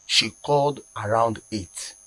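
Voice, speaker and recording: A man's voice: on the low side, a little slow, no echo. Man, Nigerian accent, studio panel discussion, indignant, emphatic. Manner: indignant, emphatic, rising to loud outbursts. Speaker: talk show panelist.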